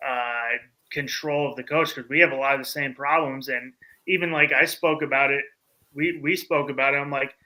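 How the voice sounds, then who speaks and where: Man, sports co-host, very bright sharp voice, relaxed, hesitant. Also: medium pitch, normal speed, rough recording. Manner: relaxed, loose, hesitant with fillers. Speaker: podcast co-host. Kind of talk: casual sports talk.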